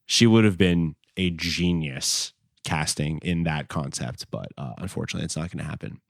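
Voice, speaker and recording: A man's voice: very deep voice, normal speed, creaky, dry recording, studio quality. A young man hosting a podcast, chatting casually and rambling with lots of fillers and the odd swear word. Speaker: podcast host.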